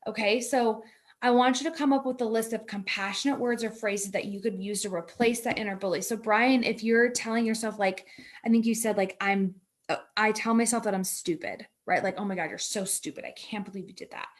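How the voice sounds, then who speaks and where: A woman's voice: fairly high pitch, steady tone, a little fast. Woman, co-host, casual coaching chat, chatty, fillers. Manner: chatty, full of "like", acts out inner voices.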